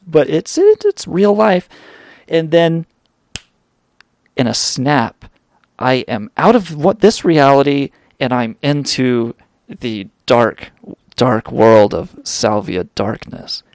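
A young male radio host tells a long story at a slow, drawn-out pace, swearing freely and stumbling through fillers. His voice sits at a middle pitch. The sound is dry and close, with no room around it. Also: lively intonation, darkish tone, no echo. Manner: profane, rambling with many fillers. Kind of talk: storytelling drug anecdote.

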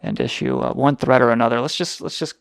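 A man's voice: medium pitch, huge pitch swings, quick pace, creaky, dry recording. A man hosting a call-in radio show, ranting and swearing in crude comic banter. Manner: profane, ranting, mock-indignant.

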